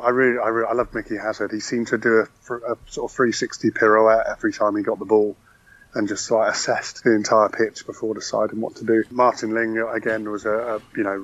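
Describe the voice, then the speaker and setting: A man's voice: lowish voice, a bit bright, highs cut off. A man, a podcast guest, talking casually and enthusiastically about football, rambling with frequent restarts.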